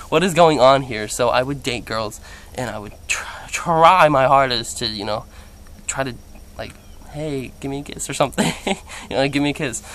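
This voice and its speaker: A young man telling a personal story to the camera in a casual vlog, chatty and animated, with lots of "like" fillers. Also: mid-range voice. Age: young adult. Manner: quotes others in playful voices. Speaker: vlogger.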